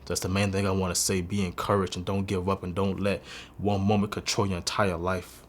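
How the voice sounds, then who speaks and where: Talking a little fast in a low, flat voice, a young man in his twenties shares his personal story as an interviewee. His candid testimony comes across as earnest, confessional and emotional.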